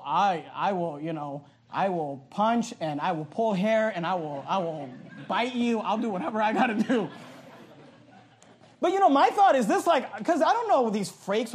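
A middle-aged man preaching a sermon as pastor, telling a story loudly and animatedly, now and then breaking into yelling. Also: sits high. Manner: loud, animated storytelling from the pulpit; bursts into yelling.

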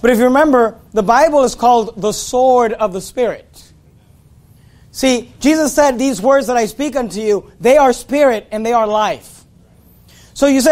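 High-voiced preacher man delivering a sermon. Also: a little fast, darkish tone. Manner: emphatic, repetitive, quotes scripture in King James wording.

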